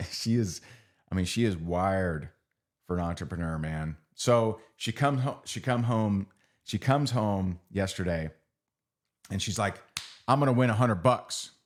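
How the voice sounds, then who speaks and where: A man's voice: sits low, unhurried, a little mellow. A middle-aged man giving a motivational training talk. He speaks conversationally, repeats phrases and keeps asking his audience "right?".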